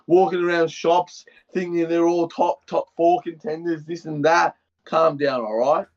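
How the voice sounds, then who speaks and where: High-voiced Australian man, fired-up ranter. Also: fairly even intonation, moderate pace, muffled recording. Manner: mocking, fired-up ranting. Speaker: podcast co-host. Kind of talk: casual chat with a comic rant.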